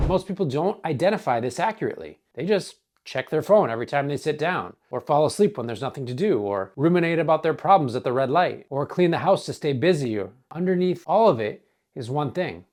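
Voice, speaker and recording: Earnest man narrating, slow and measured. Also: fairly high pitch, lively intonation, darkish tone. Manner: measured, earnest, dramatic pauses. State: hoarse. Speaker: wellness coach. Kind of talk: scripted narration.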